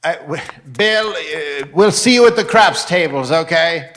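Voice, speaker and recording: A man's voice: fairly high pitch, expressive, a little slow, fairly bright tone. A man hosting an improvised comedy sketch, playing a bossy, theatrical scheming boss. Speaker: host.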